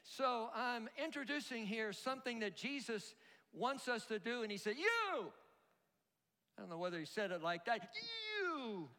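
A man preaching a sermon as pastor, animated, leading the congregation in call-and-response. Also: sits high, brisk. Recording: long hall reverb.

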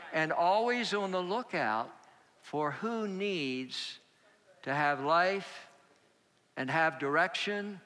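A male pastor preaching a sermon, telling a personal story slowly and acting out the dialogue. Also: a little high, sharp tone, in a large hall. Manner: slow, storytelling, acts out dialogue.

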